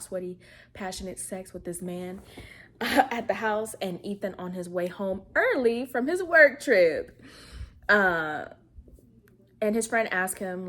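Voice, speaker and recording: A woman casually recapping a film plot, animated and slangy, often laughing as she tells it. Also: medium pitch. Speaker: film review vlogger.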